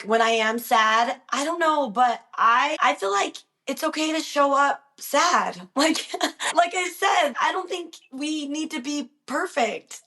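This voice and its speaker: High-voiced young woman, open and emotional. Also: a bit bright. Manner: open, emotional, laughs between thoughts. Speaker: guest. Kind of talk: emotional interview conversation.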